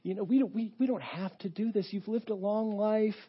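A man's voice: high voice, steady tone, fairly quick, slightly rough, lo-fi sound, voice pushed up. A male pastor voicing a reluctant Roman sheriff who casually pleads with a prisoner to give in. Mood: coaxing.

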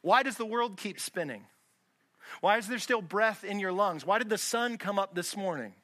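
A man's voice: high voice, lively intonation, normal speed, a bit bright. A man pastor preaching a sermon in a church, conversational and full of rhetorical questions.

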